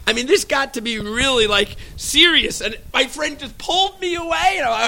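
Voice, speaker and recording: A man, animated and excitable, telling stories on a casual podcast. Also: extremely high pitch, moderate pace, gravelly, hardly any pauses. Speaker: comic convention organizer, guest. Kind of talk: casual podcast chat, storytelling.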